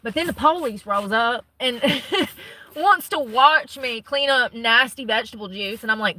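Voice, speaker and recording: Breathless, bright-voiced woman vlogging. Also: fairly high pitch, a little slow, dry recording, rough recording. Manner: rambling, blunt and swearing. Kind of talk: casual chat. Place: inside a car where she lives.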